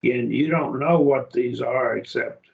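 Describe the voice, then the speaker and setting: Slow, gravelly male Greek teacher, lo-fi classroom recording. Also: medium pitch. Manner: slow, repeats words aloud to model pronunciation. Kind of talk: classroom lecture. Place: church classroom.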